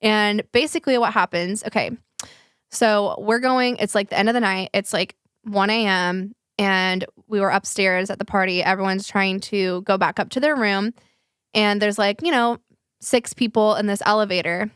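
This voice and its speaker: Animated, profane young woman telling a story. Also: mid-range voice, moderate pace, clear, resonant tone, no echo, studio quality. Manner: animated, profane, acts out quotes in a raised voice. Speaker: podcast host. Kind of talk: casual storytelling chat.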